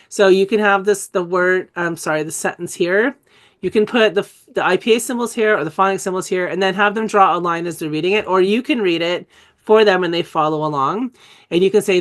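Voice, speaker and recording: A middle-aged woman who teaches about dyslexia runs a live webinar in a chatty style, voice on the low side. She corrects herself frequently and laughs at her own mistakes.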